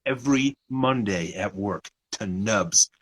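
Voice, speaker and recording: A man's voice: fairly low pitch, slow pace, husky, rough recording. A young man co-hosting a podcast, telling a story in casual chat, acting out other people's lines and swearing often. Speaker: podcast co-host.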